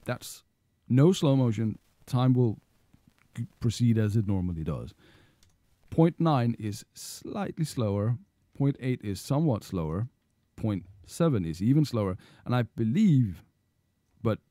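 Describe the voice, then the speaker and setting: A man's voice: fairly low pitch, mellow, no room sound, clean studio sound. A man giving a casual video game tutorial, rambling and correcting himself with playful asides. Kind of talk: casual screen-recorded tutorial.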